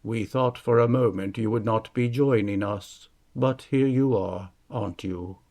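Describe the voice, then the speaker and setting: A man voicing a sad, long-faced male spirit servant who speaks slowly and formally in a monotone bass. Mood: solemn. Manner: slow, flat and formal.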